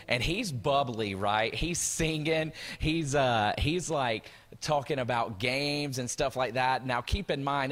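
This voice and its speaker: A man's voice: a little high, fairly bright tone. A man, a pastor joking with the congregation and telling a family story during church announcements. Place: large church hall. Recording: reverberant church hall with music.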